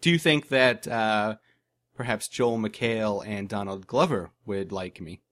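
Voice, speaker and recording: A man's voice: on the low side, measured pace, a bit bright. Podcast co-host, man, dry sarcastic jokes, casual chat.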